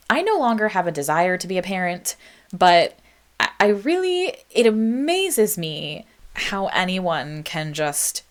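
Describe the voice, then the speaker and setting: A young adult woman hosting a solo podcast, chatting reflectively with many ums and likes and reading out her old song lyrics. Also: mid-range voice. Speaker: podcast host. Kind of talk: casual solo podcast monologue.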